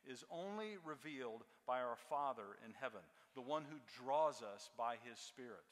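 A man's voice: medium pitch, animated, normal speed, few pauses. A man preaching a sermon, emphatic and repeating key words for weight. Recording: long reverb of a large hall.

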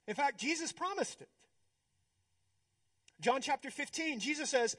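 Male pastor, high voice, sermon delivery, shifts from hushed to emphatic. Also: expressive. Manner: preaching with pauses, swinging between hushed and emphatic.

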